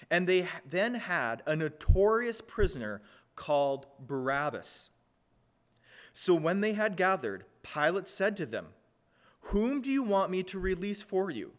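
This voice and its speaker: Male pastor, higher voice, very lively pitch, unhurried sermon delivery with scripture reading. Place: church.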